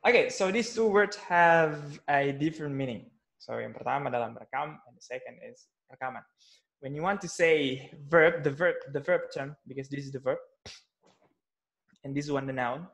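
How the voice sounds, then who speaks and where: A man's voice: on the high side, moderate pace, gravelly, fairly bright tone. A man teaching English pronunciation in an online class over a video call, patient and hesitant, with many fillers and restarts.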